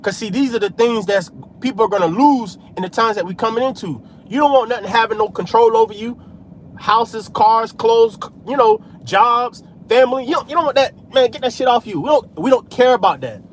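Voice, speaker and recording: A man's voice: very high-pitched, a little fast, a little hiss or hum. A man preaching in a casual street style, scattering "man" and "hey" through his talk while he drives. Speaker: religious vlogger.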